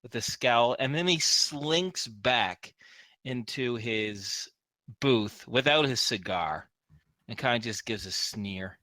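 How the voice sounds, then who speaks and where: A man narrating as game master in a casual tabletop session, animated and often laughing. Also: mid-range voice, slow pace, no echo. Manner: animated, laughing, loose with fillers.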